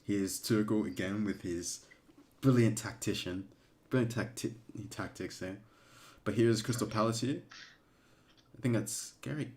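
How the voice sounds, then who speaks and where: A man giving casual live commentary during a watch-along stream, excitable and emotional, breaking into shouts at big moments. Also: fairly low pitch, a little slow, long pauses. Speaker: fan streamer commentating a match.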